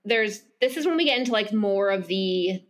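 Speaking at a normal speed with a medium pitch and lively intonation, a woman co-hosts a podcast and recaps a romance novel in casual chat. She rambles, leans heavily on fillers, and acts out bits of the characters' dialogue.

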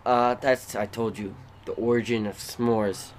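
A man hosting a podcast, telling rambling, animated stories about his family. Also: medium pitch, unhurried, a little hiss or hum. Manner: rambling, animated, bursts into loud acted shrieks. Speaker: podcast host. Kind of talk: casual storytelling.

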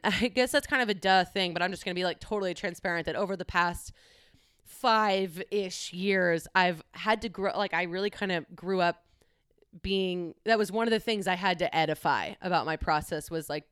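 A woman's voice: fairly low pitch, fairly quick, fairly bright tone, clear, resonant tone, dry recording, studio quality. A young woman talking candidly on her own, chatty and casual, with frequent swearing. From United States. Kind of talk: casual solo monologue.

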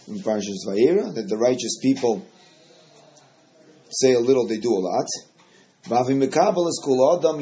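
Male Torah teacher, animated, repeats himself mid-thought, faint noise. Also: mid-range voice. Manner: animated, repeats words while explaining. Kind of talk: Torah study lesson.

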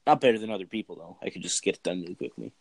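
A man with a slightly low voice chats casually, rambling through filler words and cursing freely. The sound is dry and close, with no room around it. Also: sing-song, racing, dry recording. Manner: rambling, filler-heavy, profane. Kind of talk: casual chat.

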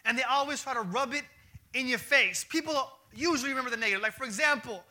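A man preaching a sermon as pastor in an animated, slangy, conversational manner. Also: very high-pitched, fast.

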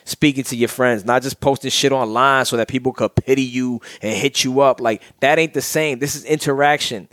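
A man's voice: mid-range voice, fairly even intonation, fairly quick, hardly any pauses, a bit bright, no room sound, clean studio sound. Joking podcast host, man. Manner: joking, swearing, laid-back banter. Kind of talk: casual chat.

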